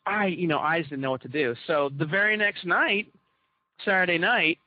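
A man with a fairly high voice talks at a normal speed, telling his co-hosts a long anecdote in a casual chat. He acts out the quoted dialogue with animation. The recording is dull, lo-fi, and dry.

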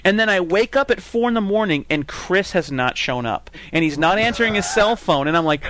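A man with a fairly high voice tells comic stories on a podcast and keeps slipping into other people's voices. The sound is dry and close, with no room tone. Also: brisk, hardly any pauses, no room sound. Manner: animated storyteller who acts out other people's voices. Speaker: podcast host. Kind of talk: casual comedic chat.

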